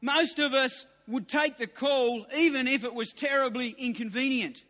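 A man in his fifties delivers a sermon in a very high, bright voice. He repeats his key lines with rising emphasis and sometimes pushes them to near shouts. The long reverb of a large hall trails every phrase. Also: moderate pace. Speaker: preacher.

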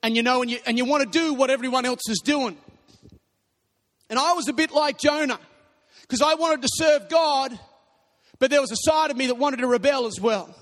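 High-voiced man preaching in a hall. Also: moderate pace, pauses often. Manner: animated storytelling, bursts into shouting. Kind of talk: sermon. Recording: long reverb of a large hall.

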